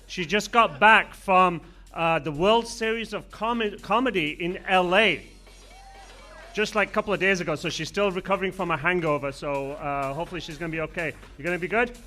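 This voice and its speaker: A man's voice: high-pitched, a little fast, sharp tone, faint music behind. A man from Britain hosting a comedy show, chatting loosely with the crowd and introducing the next comic. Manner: loose, chatty banter with fillers.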